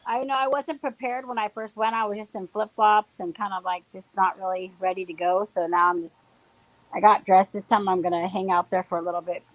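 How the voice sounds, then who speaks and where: A woman's voice: mid-range voice, fairly even intonation, fairly quick, dry recording, low-quality recording. Friendly woman chatting on a call, laughing. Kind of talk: casual live-stream chat.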